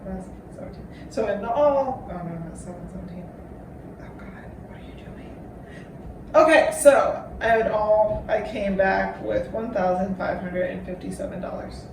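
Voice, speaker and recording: A young woman hosting a casual vlog. She swears freely and counts aloud in a low voice. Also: normal speed, gravelly. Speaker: vlogger host. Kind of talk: casual chat to camera. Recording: roomy echo, from far off, faint noise.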